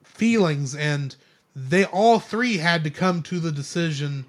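A man's voice: a little high, measured pace. A man co-hosting a podcast, chatting casually about a film and restarting phrases as he thinks. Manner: thoughtful, repeats words while searching. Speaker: podcast co-host. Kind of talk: casual film review chat.

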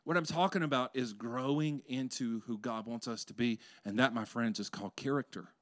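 A male pastor preaching a conversational sermon that swells into loud, passionate peaks. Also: medium pitch, brisk, no room sound.

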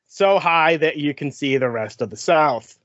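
A man co-hosting a casual talk show about cartoons, relaxed and joking, stretching out words for effect. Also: fairly high pitch, a little slow, dry recording, muffled recording. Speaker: podcast co-host. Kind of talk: casual cartoon review chat.

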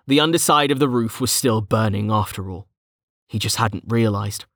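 A man narrating a fantasy novel in a steady, measured storytelling voice. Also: fairly low pitch, dry recording, clean studio sound. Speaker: audiobook narrator.

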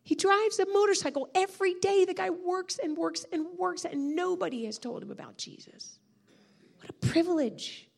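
A woman's voice: extremely high pitch, normal speed, gravelly. A woman preaching a sermon, telling a personal testimony with heartfelt emotion. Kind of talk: storytelling sermon.

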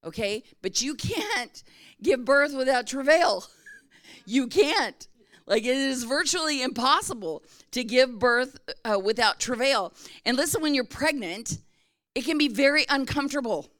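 A woman's voice: high-pitched, lively intonation, unhurried, fairly bright tone. A middle-aged woman pastor giving a sermon in a conversational, storytelling way, often checking in with her congregation.

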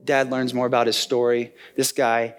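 A man's voice: mid-range voice, level tone, normal speed. A young man giving a sermon in an earnest, conversational way, telling a story and acting out the voices of its people. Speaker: preacher. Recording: soft guitar music behind.

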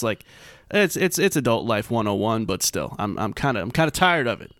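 A man's voice: lowish voice, very animated, fairly quick, fairly bright tone, no echo, clean studio sound. A young man hosting a gaming podcast, dryly teasing his co-host and steering the chat back on topic. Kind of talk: casual chat.

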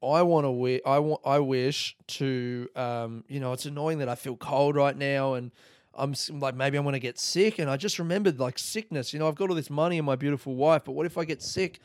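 A man spinning a rambling comic story in a dry, close-sounding room. He jumps into the voices of his characters with sudden high-pitched yelps and casual swearing, his voice sitting at a middle pitch the rest of the time. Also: steady tone, brisk, no echo. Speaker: comedian podcast host.

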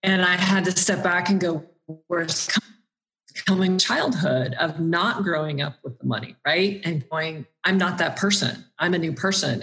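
A woman's voice: on the low side, a bit bright. A woman guest on an interview podcast, talking earnestly and reflectively about her own experiences.

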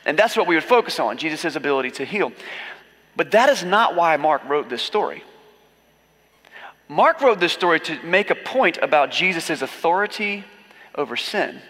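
A man's voice: a little high, pushed and bright, big-room sound. A man preaching a sermon as a pastor, in a casual, joking storytelling manner with acted asides.

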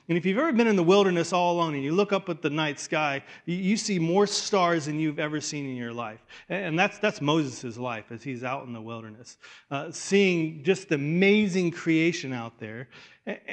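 A man preaching a sermon in a conversational way, restarting phrases and dropping to a hush for weight. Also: a little high. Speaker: pastor.

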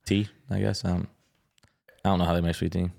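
A man's voice: low-pitched, flat delivery, a little fast, vocal fry, warm tone. A man co-hosting a casual podcast, joking and emphatic. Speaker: podcast co-host. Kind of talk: casual chat.

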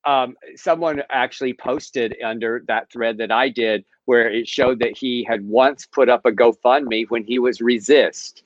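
A man's voice: medium pitch, steady tone, measured pace, hardly any pauses, no room sound. A man co-hosting a casual news chat show, retelling stories in a gossipy way and laughing as he goes. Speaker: podcast co-host. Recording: dull lo-fi sound.

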